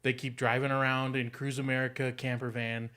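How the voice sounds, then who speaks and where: A man's voice: mid-range voice, little pitch movement, a little fast, bright, forceful tone. A man co-hosting an improv comedy stream, telling a rambling story in a chatty way. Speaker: improv performer and co-host. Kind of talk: casual live-stream chat.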